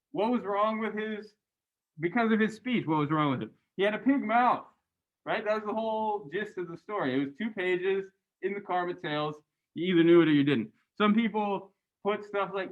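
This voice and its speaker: Male professor, high-pitched and chatty, tags lines with "right?", muffled lo-fi class recording. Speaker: university religious studies lecturer. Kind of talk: lecture reviewing graded answers.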